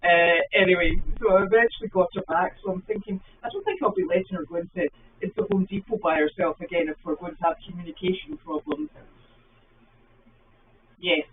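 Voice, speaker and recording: A woman's voice: lowish voice, animated, a little fast. A middle-aged woman with a Scottish accent chats casually with her livestream viewers, rambling through anecdotes and picking up their comments. Her voice comes through thin and phone-like, picked up from a little way off the mic, with faint noise behind it. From Scotland. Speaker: livestream host. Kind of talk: casual chat with live viewers. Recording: phone-like sound from a distance.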